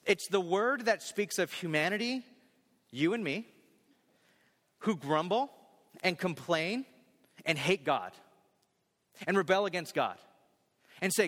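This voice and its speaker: A male pastor preaches with emphasis, circling back on key phrases and stretching out the verses. His voice sits a bit high for a man and rings with long reverb through a large church hall. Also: expressive, fairly bright tone. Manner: emphatic, repeats key phrases, slows on scripture. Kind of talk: sermon.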